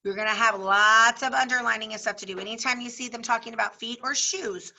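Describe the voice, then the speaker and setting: A woman teacher reading a novel aloud to her class, giving the characters lively voices, then talking the passage over plainly. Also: fairly high pitch, a little fast, vocal fry, a little hiss or hum.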